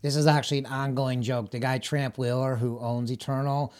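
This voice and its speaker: A man's voice: medium pitch, level tone, a little fast, darkish tone. A middle-aged man chatting casually as a guest, telling rambling stories with laughs and acted-out quoted voices. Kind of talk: casual storytelling chat.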